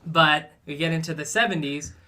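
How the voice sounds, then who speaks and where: Man, podcast co-host, casual chat, bright clear tone. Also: on the high side, moderate pace. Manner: relaxed, conversational, with frequent fillers.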